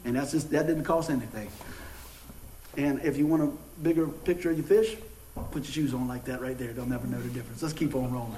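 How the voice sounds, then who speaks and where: A middle-aged pastor, preaching a sermon with jokes and folksy storytelling. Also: male voice, mid-range voice, a little fast. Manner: folksy, joking, animated storytelling. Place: church sanctuary. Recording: echoey church room.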